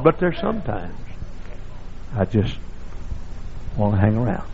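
An older man from the South, a pastor, preaching a sermon, husky and gravelly, and now and then breaking into sudden loud shouts. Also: on the low side, very animated, a little slow, long pauses, a crowd in the background. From American South. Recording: dull lo-fi sermon recording.

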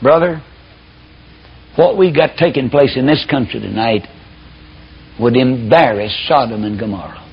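A man's voice: mid-range voice, a little slow, long pauses. A man preaching a sermon, telling the story in a folksy, fiery way. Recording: dull lo-fi recording.

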